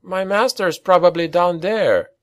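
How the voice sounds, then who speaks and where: A man's voice: medium pitch, sing-song, moderate pace, fairly bright tone, dry recording. A man voicing an anxious, loyal young male acolyte who calls out in urgent, strained cries.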